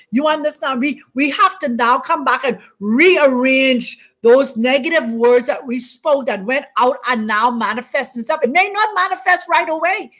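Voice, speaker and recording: A woman hosting a spiritual teaching talk, speaking in an emphatic, preacherly way with repeated, drawn-out phrases. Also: sits high, fairly bright tone. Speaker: host.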